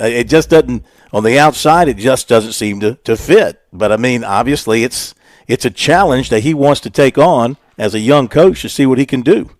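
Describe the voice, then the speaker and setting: A man's voice: mid-range voice, normal speed, no room sound. Man hosting a dry studio radio show. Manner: relaxed, easygoing host who runs the show segments. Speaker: radio sports show host. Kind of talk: casual radio sports talk.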